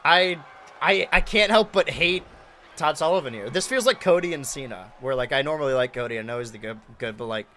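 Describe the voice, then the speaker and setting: A young man streaming and commentating a wrestling video game, excitable, shouting and pleading at big moments and muttering through his math. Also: on the high side, fairly quick, slight background noise. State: out of breath.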